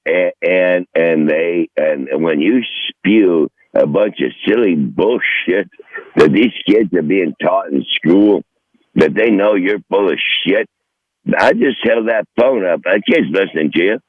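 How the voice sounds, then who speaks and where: A man's voice: sits low, animated, measured pace, no room sound, phone-quality sound. A man in his sixties, a regular comedic guest, ranting in a combative, profane, rambling way on a podcast call. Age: 60s. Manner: foul-mouthed, combative, rambling. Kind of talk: profane rant on a phone-in podcast.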